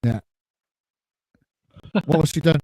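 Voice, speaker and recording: A man's voice: on the high side, slow pace, dark tone, dry recording. A man hosting a casual fan podcast, bantering and laughing often. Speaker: podcast host. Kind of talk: casual chat.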